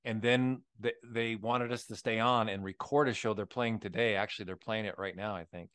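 A man's voice: on the low side, fairly even intonation, brisk, a bit bright, smooth, no echo. Candid man, dry close sound. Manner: candid storytelling, tags with "right?". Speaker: podcast co-host. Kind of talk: casual faith conversation.

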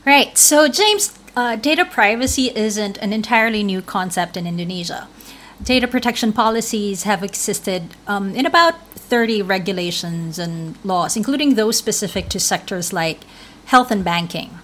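A woman's voice: mid-range voice, animated, moderate pace, a bit bright, slight background noise. Woman correspondent explaining, with frequent fillers. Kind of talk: explanatory interview answers. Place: remote link from another city.

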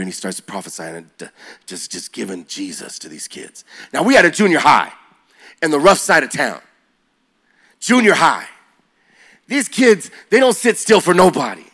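A middle-aged man, a youth pastor, telling a story as he preaches, his delivery swinging from hushed lines to shouts. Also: mid-range voice. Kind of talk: energetic sermon storytelling.

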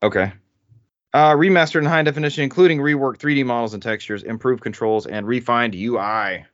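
A man's voice: mid-range voice, a little fast, a bit bright, dry recording. A man hosting a casual gaming podcast, reading lists of upcoming games aloud with joking asides. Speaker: podcast host. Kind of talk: casual chat, reading game news. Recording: dull dry studio sound.

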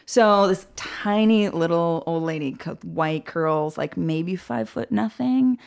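A woman guest on a podcast, telling stories in a casual, animated way, acting out quoted voices and often laughing. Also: fairly low pitch, takes it slowly, creaky, hardly any pauses, clean tone. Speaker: guest, film director. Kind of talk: casual podcast interview storytelling.

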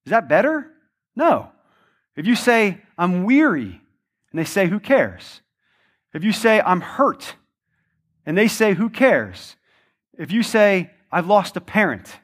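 Male pastor with a high voice, preaching in a chatty, questioning style. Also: a bit bright. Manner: conversational preaching, frequent tag questions "right?"; repetitive rhetorical questioning. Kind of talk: sermon.

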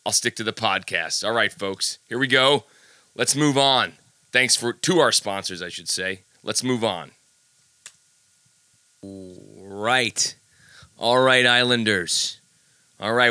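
A man's voice: medium pitch, bright, forceful tone, clear, resonant tone, dry recording, clean studio sound. A man hosting his podcast, chatting casually, cracking jokes and reading sponsor spots. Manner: chatty, jokey, self-deprecating. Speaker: podcast host. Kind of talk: casual podcast monologue with ad reads.

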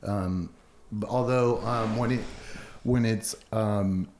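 A man co-hosting a podcast in casual chat, talking in a halting way with many fillers and restarts. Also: lowish voice, steady tone, darkish tone, slight background noise. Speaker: podcast co-host.

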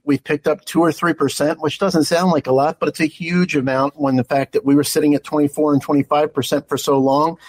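A man's voice: on the high side, a little mellow, rough recording. A middle-aged man from Philadelphia, a guest on a radio show, answering in an earnest way with frequent restarts. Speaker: guest, party executive director. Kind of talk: radio interview.

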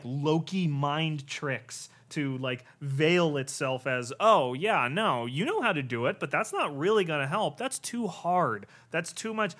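An earnest man talks candidly on a podcast, circling back and restarting as he searches for words. His voice sits a little high for a man. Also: fairly bright tone. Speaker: podcast co-host.

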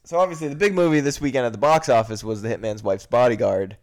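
A man's voice: medium pitch, quick pace. A man co-hosting a podcast, steering the talk in a casual, dry way. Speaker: podcast co-host. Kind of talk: casual chat.

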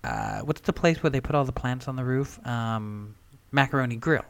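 A man's voice: medium pitch, huge pitch swings, creaky, no echo. A man in his thirties co-hosting a casual chat, joking with a wry, laid-back manner. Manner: wry, joking, drawn-out asides. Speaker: podcast co-host.

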